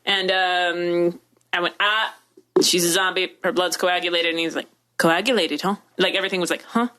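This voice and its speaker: A woman co-hosting a casual podcast, chatty and quick with asides as she tells stories. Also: on the low side, little pitch movement, bright, forceful tone. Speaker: podcast co-host. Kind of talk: casual chat.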